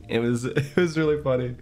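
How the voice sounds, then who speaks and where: A young livestream host chats at a middle pitch, his voice stuffy and congested. He rambles through a story, full of fillers and frequent bursts of laughter, as faint music plays softly in the background.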